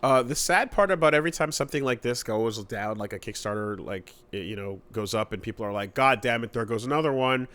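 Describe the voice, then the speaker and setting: A man hosting a casual podcast chat, rambling with fillers and swearing, his voice jumping high when exasperated. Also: fairly quick, hardly any pauses, a bit bright. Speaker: podcast host.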